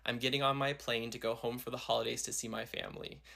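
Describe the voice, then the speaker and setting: A man walking through a personal storytime step by step. His delivery is measured and detailed, and he sets the scene before he gets to the point. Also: medium pitch, little pitch movement, gravelly, bright, forceful tone. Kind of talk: storytime video.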